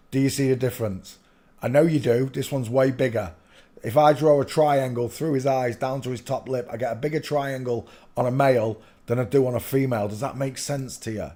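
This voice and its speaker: A man hosting a rambling livestream chat from a room at home, often bursting out loudly. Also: mid-range voice. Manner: rambling, with sudden loud outbursts. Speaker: livestream host.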